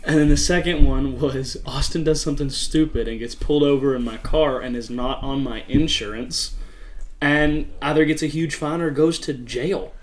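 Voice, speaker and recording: A man's voice: on the high side, steady tone, moderate pace. Young male co-host, wry and laid-back, explains things in an easy, casual way. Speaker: podcast co-host. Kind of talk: casual chat.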